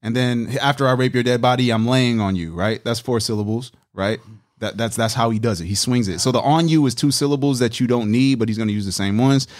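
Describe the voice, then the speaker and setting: A man co-hosting a casual hip-hop review podcast, excitedly reading lyrics aloud and breaking down the rhyme schemes, laughing often. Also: medium pitch, fast talker. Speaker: podcast co-host.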